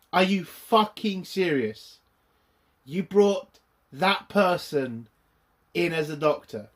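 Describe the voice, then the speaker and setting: Angry male online reviewer, high-pitched, unhurried, profane ranting delivery. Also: fairly bright tone. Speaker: YouTube reviewer.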